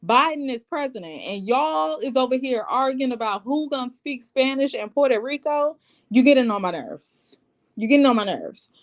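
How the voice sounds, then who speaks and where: A woman recapping a reality TV episode in casual, sassy commentary, acting out quotes as she goes. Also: on the high side. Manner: sassy and animated, quoting people in put-on voices.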